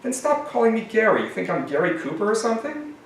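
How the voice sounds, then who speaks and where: A menacing macho man in black leather who speaks in a startlingly high, prissy voice, as a man reads him aloud. He is stern and commanding, and it sounds like a reading in an echoey room caught from a distance. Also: very animated, fast talker, a little hiss or hum. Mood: mean prissy. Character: grim leather-clad adult man, mean, with a high effeminate voice.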